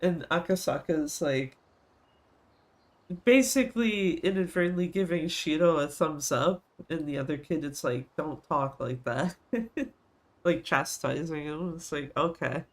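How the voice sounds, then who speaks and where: A man's voice: a little high, normal speed. Casual swearing male streamer. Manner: casual, swears, laughs at the story. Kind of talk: casual gameplay commentary and reading subtitles aloud.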